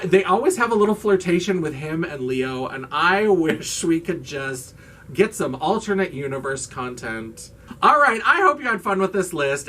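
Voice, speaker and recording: A man's voice: fairly high pitch, a bit bright, recorded from a distance, a little hiss or hum. Gushing campy man vlogging, mic set back. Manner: gushing, campy and swearing freely. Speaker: vlogger host. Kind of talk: casual chat to camera.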